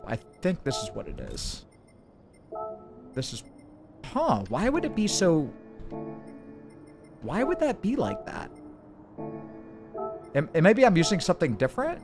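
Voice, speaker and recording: A quick, excitable man talks viewers through a live racing game stream. His voice sits a bit high and swings up and down. Faint game music and engine sounds play under him. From United States. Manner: hurried, excitable, chats with viewers.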